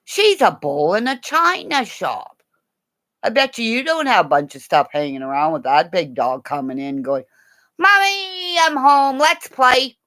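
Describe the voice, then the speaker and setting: A woman's voice: low voice, animated, moderate pace, a bit bright. A middle-aged woman hosting a casual livestream, chatty and playful, laughing often. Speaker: livestream host.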